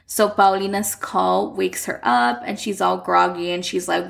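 A woman's voice: mid-range voice, fairly even intonation, measured pace, creaky, fairly bright tone. A young woman recapping a telenovela in a casual, chatty way, filling her sentences with "like". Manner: chatty, uses "like" a lot.

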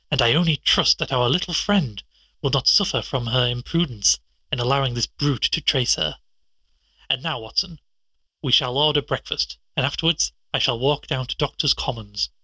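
A man's voice: medium pitch, sharp tone, slightly rough, no echo. Man reading a cool, unflappable detective. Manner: bland, measured, dryly amused. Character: calm, sharp-witted male detective, wry and unflappable. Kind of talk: audiobook character reading.

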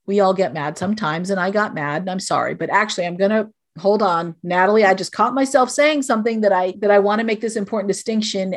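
A middle-aged woman, a guest on a podcast, gives parenting advice in an earnest, direct, explanatory way. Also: mid-range voice.

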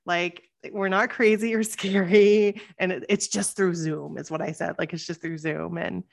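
Animated woman podcast host telling a story. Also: lowish voice, normal speed, creaky. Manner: animated, acts out quotes with shifting voice. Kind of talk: casual storytelling.

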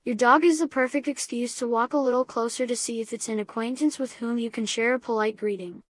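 A woman reading scripted comedy narration, giving absurd advice in a calm, matter-of-fact way. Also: a little high, fairly quick, no echo.

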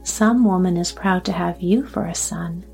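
A woman reading as a soft-hearted old grandmother. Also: lowish voice, normal speed, creaky, husky, soft background music, exaggerated voice. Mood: grateful. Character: kindly, fretful old grandmother.

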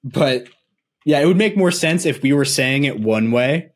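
A man's voice: medium pitch, expressive, unhurried. A man from Nebraska with a mid-range voice, chatting loosely as a podcast co-host. He circles through his points with lots of filler and laughs easily. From Nebraska, USA. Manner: rambling, full of "like", laughs easily. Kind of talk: casual basketball podcast chat.

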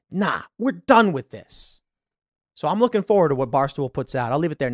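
A man's voice: fairly high pitch, no room sound, clean studio sound. A man hosting a solo commentary segment, talking through a story and acting out the quoted voices. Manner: animated, acts out quoted voices. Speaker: host.

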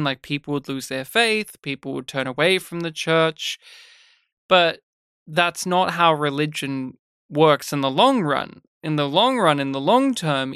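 A man's voice: on the high side, smooth, no room sound, clean studio sound. An Australian man co-hosting a film podcast, talking animatedly about a movie and laughing often. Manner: animated, acts out scenes in voices, laughs often. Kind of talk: casual film review chat.

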